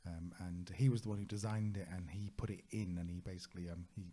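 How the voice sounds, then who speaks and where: Man, travel podcast co-host, deep, dark husky voice, chatty storytelling, often laughs. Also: fairly even intonation, fast. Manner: chatty anecdotal, laughs often, searches for words. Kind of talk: casual conversational storytelling.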